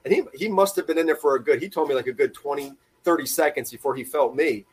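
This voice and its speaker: Husky man telling a wild story. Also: a little high, fast talker. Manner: animated, profane, laughing storyteller. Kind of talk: casual storytelling.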